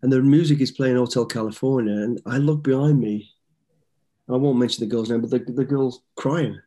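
Speaking briskly in a mellow, mid-range voice, a man in his fifties tells relaxed, rambling stories in a casual interview, frequently restarting as he goes.

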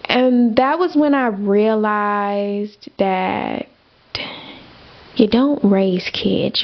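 Woman podcaster just chatting to her listeners, lots of ums, raspy fry in her voice, kinda muffled recording. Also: medium pitch. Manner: candid, chatty, many fillers and asides to listeners. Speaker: podcast host. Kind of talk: personal storytelling chat.

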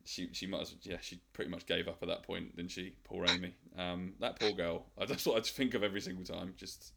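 A man hosts a loose, casual chat, laughing as he goes and swearing freely. His voice sits low, with a bright, ringing tone. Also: fairly even intonation, vocal fry. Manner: laughing, swearing, quick asides. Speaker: podcast host.

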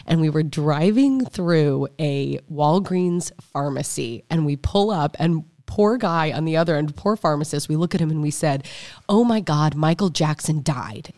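Low-voiced woman, chatty podcast co-host. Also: a little mellow, no room sound. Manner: laughs often while telling stories. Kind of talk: casual chat.

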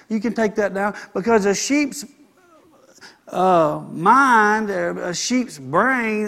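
A man's voice: high voice, fairly bright tone. A middle-aged man, preaching a sermon and calling out for an amen. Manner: preaching with call-and-response "Amen". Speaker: pastor.

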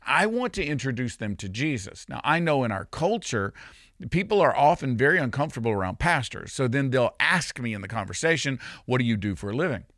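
Pastor preaching from a dry close mic. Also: male voice, medium pitch, big pitch swings, a little fast, fairly bright tone, dry recording. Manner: conversational preaching with frequent restarts and sudden emphatic rises. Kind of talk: sermon.

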